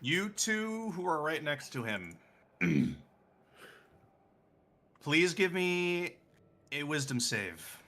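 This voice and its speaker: A male game master leads a tabletop session in an unhurried, measured delivery. His voice has a bright, forward edge. He describes scenes and calls for dice rolls. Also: a little high, wildly swooping pitch.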